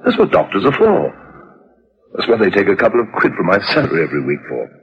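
A breezy husband. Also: male voice, fairly low pitch, wildly swooping pitch, fast talker. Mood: reassuring. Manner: breezy, joking, reassuring. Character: brisk, reassuring young husband and father. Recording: dull lo-fi old radio recording.

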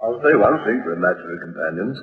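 Rich: An actor playing a brisk, reassuring husband in a radio drama. He talks in a breezy, joking way. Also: fairly low pitch, lively intonation, husky, faint music behind. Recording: dull lo-fi old radio recording.

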